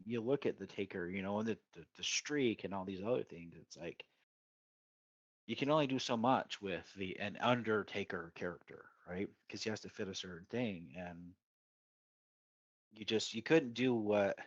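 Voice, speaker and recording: A man's voice: lowish voice, moderate pace, no echo, muffled recording. A man co-hosting a casual wrestling chat, rambling with lots of fillers and restarts. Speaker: podcast co-host.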